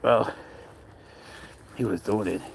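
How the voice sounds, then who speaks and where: A man's voice: lowish voice, steady tone, slow pace, gravelly, husky. A young man from Spain, outdoors, coaxing and cheering on his cat in a playful way. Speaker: pet owner filming his cat. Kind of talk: casual talk to a pet.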